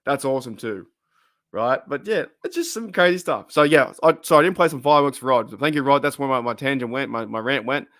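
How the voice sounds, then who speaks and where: A man's voice: mid-range voice, animated, fairly quick, fairly bright tone, no echo, clean studio sound. A young Australian man chatting casually on his channel, rambling off on tangents and chuckling often. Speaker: channel host. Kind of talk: casual live-stream chat.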